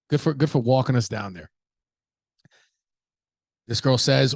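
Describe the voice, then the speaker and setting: A man's voice: mid-range voice, gravelly, a little mellow, no echo, clean studio sound. A young adult man from the United States hosting a podcast, riffing casually with profanity, jokes and rhetorical questions. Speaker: podcast host.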